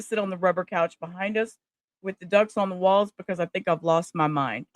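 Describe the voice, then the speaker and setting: A woman's voice: on the low side, fairly quick, no room sound. A woman hosting a casual livestream, talking emotionally and straight to her viewers. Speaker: livestream host.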